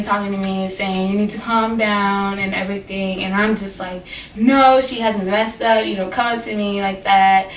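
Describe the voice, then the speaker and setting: A teenage girl casually telling a storytime to her vlog camera, animated and full of fillers and quoted dialogue. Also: medium pitch. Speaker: vlogger. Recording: echoey room from a distance, faint noise.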